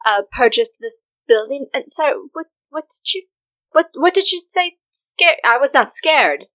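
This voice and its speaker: Woman doing a proper lady who keeps tripping over her words, bright voice. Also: high-pitched, lively intonation, moderate pace. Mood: flustered. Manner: prim, stammering, formal. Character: flustered proper woman new building owner.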